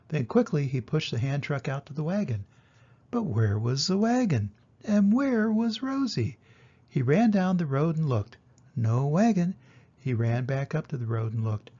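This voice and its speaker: An older man reading a children's storybook aloud, gentle and expressive, in a dull lo-fi recording. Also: on the high side. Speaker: storybook reader.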